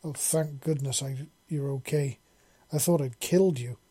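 A man's voice: a little high, normal speed, warm tone, voice pushed up, natural voice. A man voicing a female alien insect queen, fierce yet kind, talking in earnest exclamations. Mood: relieved.

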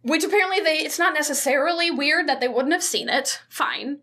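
A woman's voice: high voice, brisk, sharp tone. A woman co-hosting a podcast, recapping a movie in casual chat, swearing freely and acting out the characters. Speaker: podcast co-host.

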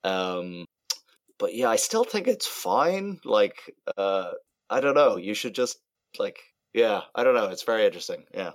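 A man's voice: fairly low pitch, big pitch swings, a little slow, no room sound. A man in casual podcast chat, talking things through in a thoughtful, hedging way.

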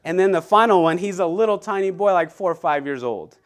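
A man preaching a Sunday sermon in an earnest, conversational way, with frequent restarts and slow, deliberate scripture reading. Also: high voice, lively intonation. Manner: reads scripture aloud slowly and deliberately.

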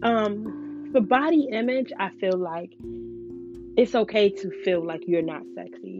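A woman's voice: medium pitch, a little fast. A woman talking frankly and casually to her viewers, often saying "you know". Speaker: vlogger. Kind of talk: casual talk to camera. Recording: dull lo-fi sound. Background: guitar music playing.

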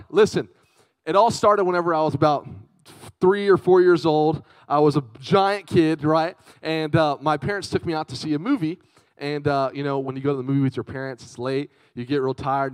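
Young guy youth preacher, kinda high voice, chatty storytime vibe, keeps calling out to the kids. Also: dry recording. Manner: lively, chatty, calls out to the audience. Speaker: youth speaker. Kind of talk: youth sermon with personal storytelling.

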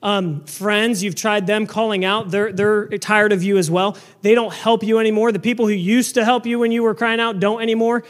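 A man preaching a sermon into a microphone, loud and earnest, often restarting his words. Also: sits high, fairly even intonation, normal speed, hardly any pauses. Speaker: pastor.

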